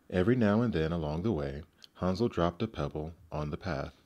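A man narrating classic fairy tales aloud in a measured, gentle storybook manner. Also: low voice, animated.

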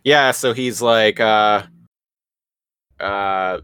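A man's voice: sits low, unhurried, a bit bright, dry recording. A man co-hosting a podcast, casually recapping scenes with dry quips. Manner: laid-back, dry quips. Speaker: podcast co-host.

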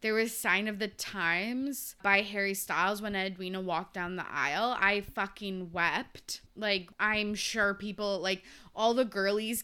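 A young woman talks straight to her viewers in a loose, gushing vlog chat, full of fillers and casual swearing. Her voice is bright and forceful, with a smooth, resonant clarity. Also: mid-range voice. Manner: chatty, gushing, swears freely, many fillers. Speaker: vlogger reviewing a TV season.

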